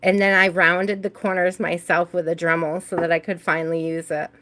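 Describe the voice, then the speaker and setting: A woman's voice: lowish voice, level tone, brisk, a bit bright. A woman hosting a live tarot stream, chatting casually with viewers, laughing often and greeting them by name.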